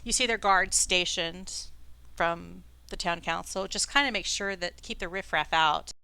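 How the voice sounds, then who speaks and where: A woman game master narrating a tabletop game in a chatty, animated way. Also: on the low side, measured pace, gravelly, clean tone, no echo.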